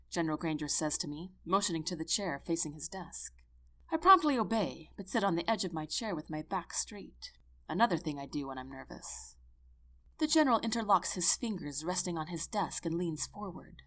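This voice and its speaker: Woman, audiobook narrator, first-person, expressive and earnest, lively pitch. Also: moderate pace.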